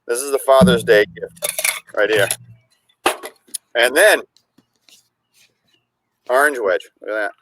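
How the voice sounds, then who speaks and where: A man's voice: medium pitch, slow, long pauses, a bit bright, dry recording. An easygoing man with a mid-range voice chats casually while mixing a cocktail. He hesitates often with fillers. The sound is dry and close. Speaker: cocktail-making co-host. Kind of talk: casual chat, demonstrating a drink.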